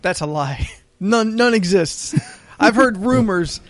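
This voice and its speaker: A man's voice: sits high, lively intonation, slow, a bit bright, no room sound. A man hosting a podcast in casual chat, joking and teasing his guest. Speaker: podcast host. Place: podcast studio.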